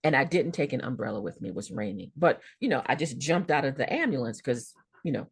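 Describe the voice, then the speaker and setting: Low-voiced woman telling a vivid story. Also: quick pace, creaky, slightly rough, dry recording, clean studio sound. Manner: vivid, expressive storytelling with repeated words. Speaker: guest storyteller. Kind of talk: personal storytelling in a podcast interview.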